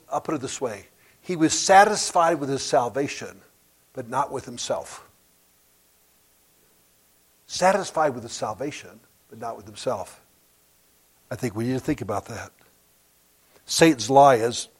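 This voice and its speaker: A man in his sixties delivering a sermon, moving between quiet storytelling and loud emphatic bursts. His pitch sits mid-range for a man, and his voice swings freely up and down as he preaches. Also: animated, unhurried, long pauses, breathy edge. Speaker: guest preacher.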